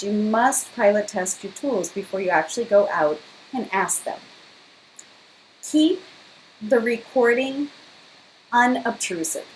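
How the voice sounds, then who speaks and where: A woman's voice: medium pitch, darkish tone, slight background noise, poor audio. A woman giving a classroom lecture, explaining step by step and acting out example questions. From not from Liberia.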